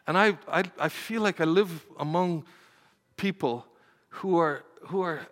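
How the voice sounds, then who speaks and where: An older man, a preacher and grandparent, telling a personal story in a sermon, moving from quiet storytelling to urgent, impassioned pleading. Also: a little high, measured pace. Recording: hall with long reverb.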